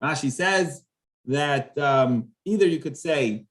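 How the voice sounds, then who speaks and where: A man, a rabbi, teaching a casual Torah class, acting out the dialogue of the verses with lively voices. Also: slow. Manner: animated, acts out the dialogue of the verses with rising pitch.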